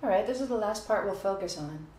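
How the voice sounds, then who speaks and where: A woman's voice: mid-range voice, lively intonation, quick pace, a little mellow. A woman giving a casual music lesson on video, talking through her playing and now and then counting beats and scatting short phrases aloud. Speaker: music teacher. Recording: echoey room with faint noise.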